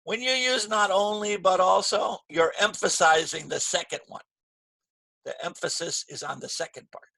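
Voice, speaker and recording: A man teaching an English grammar lesson, slow and patient, repeating key phrases with stress. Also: sits high, gravelly, pushed and bright, no echo.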